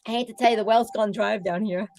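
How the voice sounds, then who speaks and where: A woman's voice: medium pitch, fairly even intonation, fast, a little mellow, a little hiss or hum. A woman hosting a casual live chat while crafting, giggly and teasing, laughing often. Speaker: livestream host.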